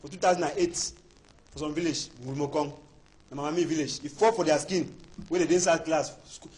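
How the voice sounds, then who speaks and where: A man's voice: on the high side, steady tone, fairly quick, a little mellow. A man from Cameroon speaking Cameroonian Pidgin English as a panelist in a heated studio debate, emphatic and repeating words as he builds his points.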